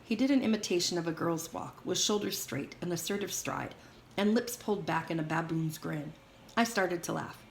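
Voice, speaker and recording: A woman reading a memoir aloud in a steady, measured way. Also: fairly low pitch, gravelly. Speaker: audiobook reader. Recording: roomy echo, faint hiss.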